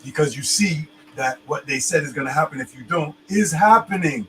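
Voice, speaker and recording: A man's voice: a little high, moderate pace, fairly bright tone, a little hiss or hum, poor audio. Emphatic man. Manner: loose and emphatic, with slang and many restarts. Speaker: co-host. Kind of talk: casual discussion.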